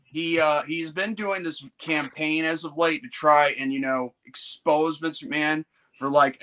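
A man's voice: mid-range voice, sharp tone. A man hosting a podcast, talking casually and meandering, leaning on filler words as he explains. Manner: meandering, full of "you know" fillers. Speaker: podcast host. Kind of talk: casual chat.

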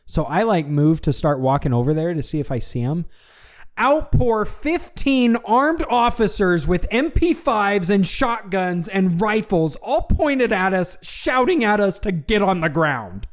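A young man casually telling a long story to a friend, animated and full of fillers. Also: high-pitched, measured pace. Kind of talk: casual chat.

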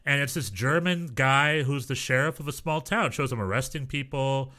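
A man co-hosting a podcast, chatting casually and telling animated stories, sometimes mimicking other people's voices. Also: medium pitch, moderate pace. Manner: animated storyteller, mimics voices, laughs often. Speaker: podcast co-host. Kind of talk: casual chat.

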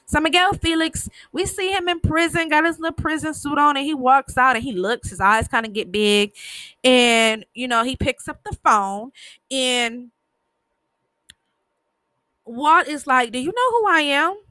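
A woman's voice: high-pitched, unhurried, sharp tone, no room sound. A woman casually recapping a TV episode, talking bluntly, swearing freely and tripping over her words. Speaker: show recapper.

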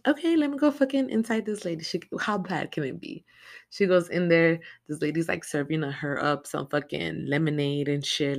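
A woman's voice: low-pitched, creaky. A woman retelling a horror film in casual, profane talk, packed with "like" fillers and swearing. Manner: animated, heavy swearing, lots of "like" fillers. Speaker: film recap vlogger. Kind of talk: casual profane movie recap.

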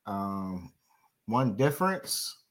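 Casting: calm, easygoing man guest, speech rises and falls widely. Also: fairly low pitch, very slow. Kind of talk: casual chat.

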